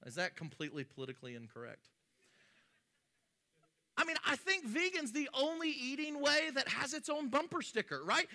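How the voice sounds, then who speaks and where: A man's voice: very high voice, big pitch swings, a little fast, sharp tone. A male pastor preaching a sermon in a conversational way, with joking asides and frequent restarts.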